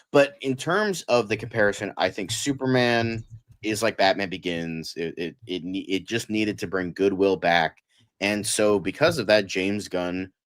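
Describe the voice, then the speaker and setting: A man co-hosting a casual live-stream chat, rambling with lots of fillers and frequent swearing. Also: lowish voice. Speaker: co-host.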